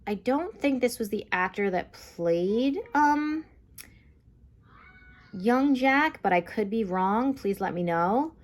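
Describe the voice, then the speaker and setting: A woman's voice: fairly high pitch, expressive, slow. A young woman giving a casual, chatty TV episode recap and review, full of fillers like "um" and "like". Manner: chatty, lots of fillers like "like" and "um", acts out quotes.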